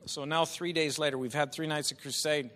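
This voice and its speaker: A male preacher delivering an impassioned sermon, swinging from quiet talk to shouting. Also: on the high side, fairly even intonation, fairly quick. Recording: long hall reverb.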